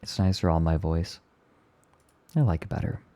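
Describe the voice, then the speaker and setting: A man streaming and chatting casually with his viewers, speaking gently and with enthusiasm. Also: very deep voice, moderate pace, dry recording. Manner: gentle, soft-spoken. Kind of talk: casual live-stream chat, answering chat.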